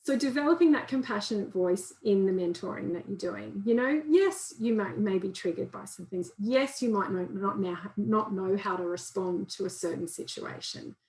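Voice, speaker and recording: A woman's voice: mid-range voice, moderate pace, hardly any pauses, a little mellow, reverberant, low-quality recording. A woman counsellor giving an informal, conversational training talk and acting out inner voices in quotes. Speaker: counsellor and guest speaker.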